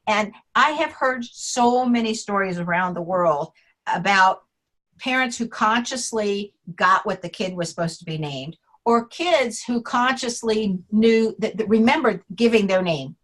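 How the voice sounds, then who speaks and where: A woman interview guest, an author on names, telling anecdotes in a lively way, acting out the quotes and laughing often. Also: mid-range voice, a little slow, low-quality recording. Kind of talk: casual storytelling interview.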